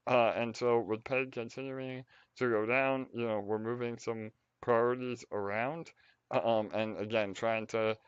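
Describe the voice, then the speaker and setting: A man hosting a casual project update on a call, halting and full of fillers. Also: mid-range voice, steady tone, clean tone, no room sound, dull audio.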